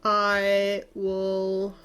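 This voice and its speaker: A woman playing a tabletop game, calmly describing what her character does. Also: mid-range voice, faint music behind. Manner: slow, thoughtful, describing her character's actions. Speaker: player. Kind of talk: casual tabletop game play.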